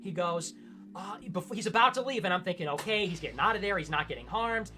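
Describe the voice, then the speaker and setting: A man co-hosting a livestream, retelling a stream at length in an animated way and mimicking people in high-pitched voices. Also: fast talker, slight background noise. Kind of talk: livestream chat.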